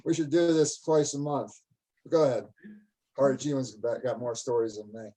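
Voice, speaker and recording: An older man, a guest, telling a story in an animated, casual way and laughing often. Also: mid-range voice, moderate pace, low-quality recording.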